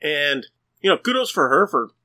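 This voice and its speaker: Bright-voiced man explaining things. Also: a little high, sing-song, normal speed. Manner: explanatory, informative. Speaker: podcast co-host. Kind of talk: casual chat.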